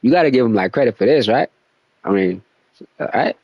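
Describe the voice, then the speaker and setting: A man's voice: mid-range voice, expressive, brisk, slightly rough, no echo, dull audio. A young man casually commentating gameplay, laid-back and slangy, swearing often. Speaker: gaming streamer.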